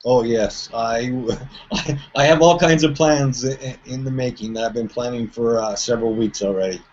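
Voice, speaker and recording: Easygoing man guest, middle pitch, dull video call sound. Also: moderate pace, darkish tone, a little hiss or hum. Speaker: guest on a web hangout. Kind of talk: casual chat. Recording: muffled web call audio.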